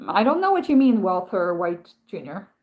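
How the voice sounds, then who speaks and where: A woman hosts a casual live stream with a voice of ordinary pitch. She rambles through her stories, often stops and starts her sentences again, and turns to read and answer viewer comments. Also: very animated, normal speed, darkish tone. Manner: rambling, self-interrupting storytelling with many restarts.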